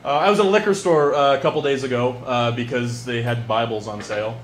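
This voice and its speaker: A man performs a stand-up monologue into a handheld mic at a small venue, his mid-range voice wry and deadpan, dropping quick asides. There's slight background noise.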